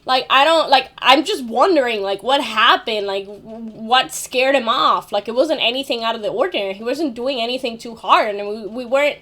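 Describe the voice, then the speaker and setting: A woman's voice: fairly high pitch, normal speed, hardly any pauses, fairly bright tone. A young woman telling a casual story about her job, full of fillers like "like" and "you know", with casual swearing. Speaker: vlogger.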